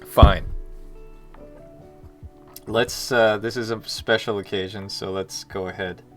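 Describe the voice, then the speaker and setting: Low voiced dev guy mumbling through his work on stream, half talking to himself. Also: fairly even intonation, slow, faint music behind. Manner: quiet, mumbling to himself while working, reading chat. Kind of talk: casual live-stream commentary.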